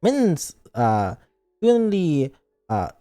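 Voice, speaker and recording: A man chatting on a game stream in a silly, joking and rambling way. His pitch swings widely, and faint music plays behind him. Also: wildly swooping pitch, extremely slow, dark tone. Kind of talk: casual game stream chat.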